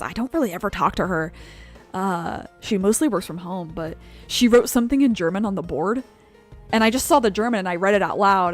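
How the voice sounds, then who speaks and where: A chatty young woman talks casually over a video game, laughing often as she rambles. Her voice sits at a middling pitch. Soft music plays faintly in the background. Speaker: streamer. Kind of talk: casual gameplay commentary.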